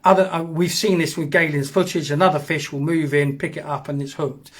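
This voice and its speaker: Chatty host, middle-high voice, rambling live-stream talk. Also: male voice, steady tone, a little fast. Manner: rambling, chatty, reads out viewer comments. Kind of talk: casual live stream chat.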